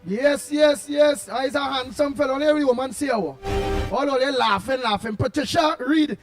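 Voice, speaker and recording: A man with a Trinidadian accent hosting a call-in talk show, reading out listener comments in an animated way and bursting into shouts. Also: very high voice, brisk, faint music behind. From Trinidad and Tobago. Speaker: radio talk show host.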